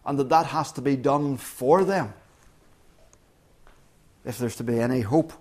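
A mid-range male voice preaches at a measured pace. The sermon is earnest and emphatic, marked by frequent restarts and sudden loud hits on key words.

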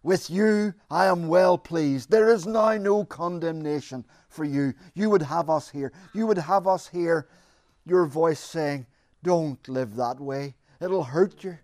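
A man's voice: a little high, slow pace, a little mellow, no room sound, clean studio sound. A man preaching and then leading an earnest, emphatic prayer for his congregation.

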